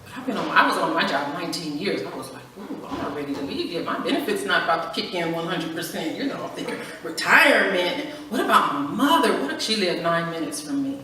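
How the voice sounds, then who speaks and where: A middle-aged woman from California, a guest speaker at a women's church breakfast, giving an animated personal testimony. She acts out dialogue and laughs often as she tells her story, heard from a distance in a church hall. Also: fairly low pitch, fast talker, hardly any pauses. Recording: echoey church hall from far off, faint background hiss.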